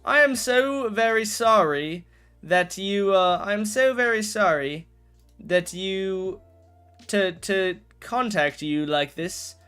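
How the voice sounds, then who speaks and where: A man's voice: high-pitched, expressive, takes it slowly, pushed and bright, clean tone, soft background music, voice pushed up, exaggerated voice. A man putting on a British accent to play an overly polite man pleading his case. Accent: put-on British. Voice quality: prim, formal, exaggerated politeness.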